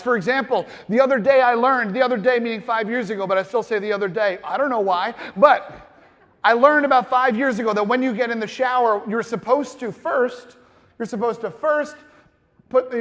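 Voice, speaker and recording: A man in his thirties with a notably high voice delivers a comedic motivational keynote. He is playful and self-deprecating, slipping into quick acted voices. The sound carries the long reverb of a large hall. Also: fairly bright tone. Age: 30s. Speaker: keynote speaker. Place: large conference hall with audience.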